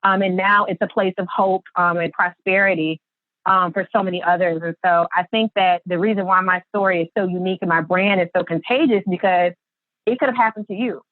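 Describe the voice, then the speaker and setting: A woman guest on a podcast, telling her story in an animated way and acting out the quotes. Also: on the low side, a little fast, dry recording. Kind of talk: storytelling interview. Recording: tinny phone-line sound.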